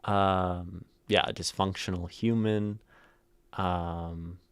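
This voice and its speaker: A man with a very deep voice hosts a casual livestream, talking through poems as he thinks aloud. He drifts through plenty of ums and rereads lines with shifting inflection. The sound is close and dry, with no room around it. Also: fairly even intonation, takes it slowly, smooth, no echo. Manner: musing, thinks aloud with many fillers. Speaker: livestream host analyzing poetry.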